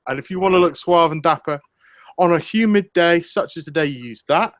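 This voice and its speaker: A man talking in a casual, crude, joking way, drifting off on tangents. His voice sits a little high for a man. The sound is dry with no room echo. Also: brisk. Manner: crude, jokey, goes off on tangents. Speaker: podcast co-host. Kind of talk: casual chat.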